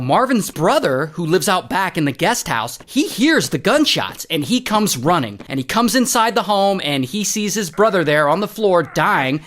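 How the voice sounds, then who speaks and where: A man narrating a true-crime story in a casual, playful way, punctuating the action with spoken sound effects. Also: a little high. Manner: animated, playful, adds sound effects like "blam" and "dun dun".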